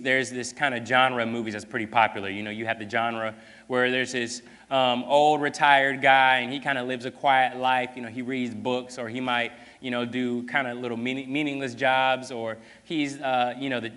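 A man preaching a sermon, telling a story in a casual, animated way full of fillers. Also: medium pitch, normal speed, smooth, big-room sound.

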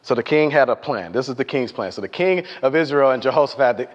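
A man preaching a sermon, telling a Bible story in a lively way, acting out the voices and asking the congregation questions. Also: mid-range voice, fast. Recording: dull lo-fi sound with long hall reverb.

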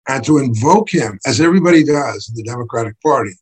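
A man giving an impassioned political talk as an activist writer, emphatic and building to forceful bursts. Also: mid-range voice, expressive, fast talker, breathy edge, poor audio.

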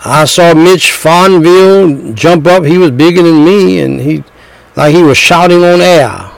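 A middle-aged man preaching a sermon, slow and emphatic, repeating phrases and telling stories. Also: on the high side, creaky, no room sound, poor audio.

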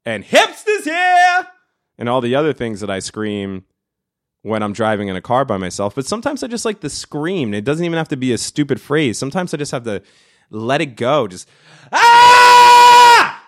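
Ranting podcast host, profane and blunt. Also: male voice, medium pitch, animated, fairly quick, no room sound, studio quality. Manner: profane, ranting, bursts into loud screams. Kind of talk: solo podcast rant. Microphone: studio mic.

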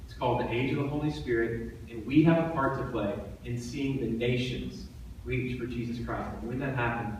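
A man's voice: mid-range voice, recorded from a distance, slight background noise. A man giving a sermon as pastor, preaching in a conversational way and repeating phrases for emphasis. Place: church sanctuary. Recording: echoey church hall from off-mic.

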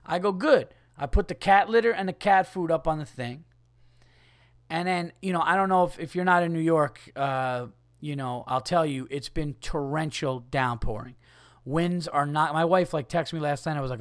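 A man's voice: a little high, dry recording, studio quality. A man hosting his own podcast, ranting in casual comedy style, swearing freely and acting out the people in his stories. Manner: profane, animated, acts out quoted people. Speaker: podcast host. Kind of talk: casual solo comedy rant.

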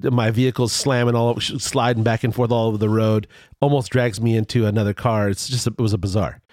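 A man telling a road story in casual chat, rambling with restarts and fillers, and his voice jumps higher when he gets excited. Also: fairly quick, dry recording, studio quality.

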